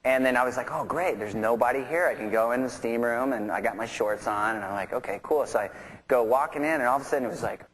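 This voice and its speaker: A man's voice: medium pitch, fast talker, fairly bright tone, slight background noise, rough recording. A man guesting on an onstage interview, telling stories in a casual, rambling way with many fillers and restarts and laughter running through them. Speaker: interview guest, rock musician.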